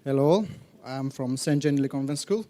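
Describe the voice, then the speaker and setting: A teacher, reading a tongue twister slowly at an event. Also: mid-range voice, warm tone, slight background noise.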